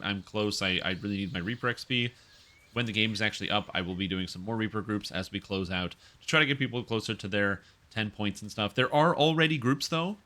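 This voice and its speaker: A man's voice: on the low side, pushed and bright. A man streaming a video game, chatting casually and rambling through corrections as he plays. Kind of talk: casual gaming stream chat.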